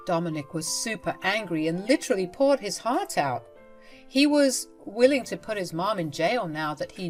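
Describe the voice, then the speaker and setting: A woman narrating a personal story in a plain, steady way. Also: lowish voice.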